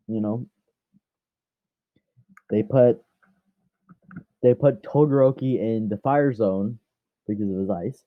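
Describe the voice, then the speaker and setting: A man's voice: fairly low pitch, slow, long pauses, no room sound. Guy rambling thru a fan what-if story, keeps correcting himself, muffled dry audio. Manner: rambling, self-correcting, chatty.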